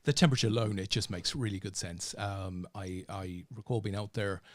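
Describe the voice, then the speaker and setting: A man's voice: lowish voice, fairly quick, no echo. A man hosting a casual poker show, joking and reading out viewer messages with many fillers. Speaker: host. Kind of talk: casual podcast chat.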